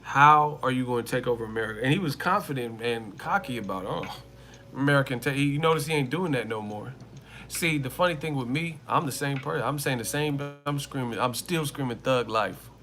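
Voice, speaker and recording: A boxing commentary channel host goes live, speaking fairly quickly in a mid-range voice with a sharp tone. His delivery is casual and full of slang, and he hammers home his points by repeating them over and over.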